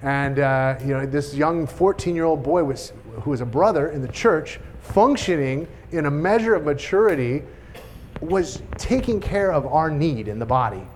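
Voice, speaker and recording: Middle-aged male speaker, animated storytelling testimony, slightly high voice, faint hiss behind. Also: normal speed. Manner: animated storytelling, laughs at own jokes. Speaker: church speaker sharing testimony. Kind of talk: sermon-style testimony.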